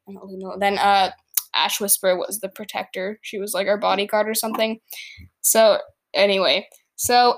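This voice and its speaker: A woman's voice: mid-range voice, a bit bright. A woman reading her own story aloud, laughing and stopping to comment along the way. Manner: laughs often, stops to comment. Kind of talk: casual reading with chatty asides.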